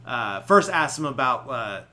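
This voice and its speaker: Retelling a film's plot on his podcast, this man rambles casually and leans heavily on filler "likes." His medium-pitched voice is sing-song and sharp in tone, and he speaks a little slowly.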